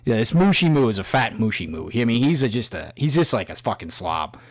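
Man ranting with a lively swinging pitch. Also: a little fast. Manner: loud, mocking, swears constantly, laughs at own jokes. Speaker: host. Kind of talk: profane ranting commentary.

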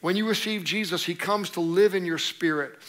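Guy pastor preaching in church, earnest, lots of uh's, voice a bit on the high side. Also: moderate pace, a bit bright. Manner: earnest, with frequent fillers. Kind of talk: sermon. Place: church sanctuary.

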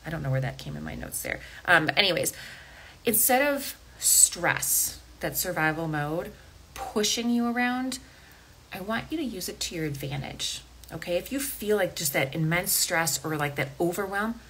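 A woman's voice: on the low side, sing-song, normal speed, fairly bright tone, husky, rough recording. A woman hosting a coaching podcast, talking casually and directly to listeners, often checking in with "okay?" and "right?". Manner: conversational, frequent "okay?" and "right?" asides. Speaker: podcast host and health coach.

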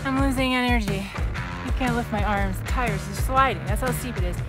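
A woman's voice: fairly high pitch, fairly quick. A woman vlogging as she pushes her bike up a steep mountain trail, talking to the camera in a breathless, exasperated way and swearing now and then. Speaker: adventure vlogger. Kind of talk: casual talk to camera. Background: music.

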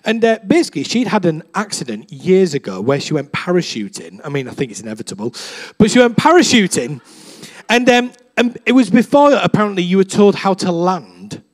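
Man, young, relaxed sermon full of stories; high voice that swoops a lot. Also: brisk. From England. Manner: chatty, self-deprecating, acts out quoted voices with big swings. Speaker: preacher. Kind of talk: casual sermon with storytelling.

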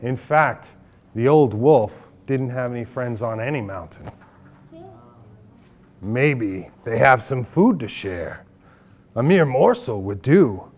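An author reads his picture book aloud to a group of children in a library, his voice swinging widely up and down in pitch as he leads them in call-and-response. He keeps a slow, unhurried pace as he tells the story. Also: darkish tone. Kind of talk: live storybook reading to children. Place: public library, audience of children.

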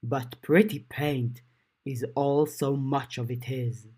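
A mischievous fairy woman who lurks in shadows and taunts in a drawn-out, sing-song voice, as a male reader puts her on. She stretches her words slowly and mockingly. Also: mid-range voice, fairly even intonation, darkish tone, slightly rough. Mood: taunting.

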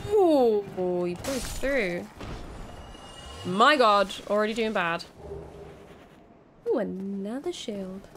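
Young woman, unhurried and chatty, voicing her reactions and talking to the enemies she fights. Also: mid-range voice, expressive, a bit bright, a little hiss or hum. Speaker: gaming video creator. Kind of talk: let's play commentary.

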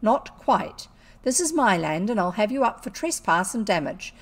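A woman voicing a gruff, angry old gentleman magistrate who talks loudly and blusters. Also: mid-range voice, big pitch swings, normal speed. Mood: blustering. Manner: loud, blustering.

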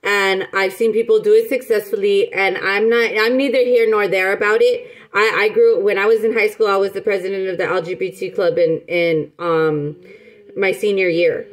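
An American woman gives a casual tarot reading to camera in a mid-range voice, recorded with poor audio. She rambles emphatically, restarts often and calls her listeners pet names.

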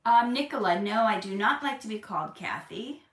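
This livestream host answers viewer questions at normal speed in a medium-pitched voice. Casual at first, she turns earnest and preachy and livens up when excited. Sound is captured from afar, a bit off-mic, with a roomy echo.

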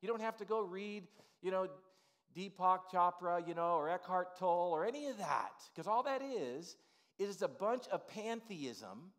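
High-voiced man preaching conversationally. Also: lively intonation, measured pace, a bit bright. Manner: informal, frequent "you know" asides. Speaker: pastor. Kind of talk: conversational sermon. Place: church sanctuary.

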